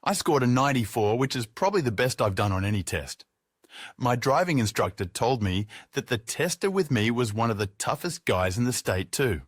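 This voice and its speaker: A man's voice: mid-range voice, big pitch swings, fairly quick, no echo, clean studio sound. A man narrating his own audiobook in the first person, sardonic and freely profane.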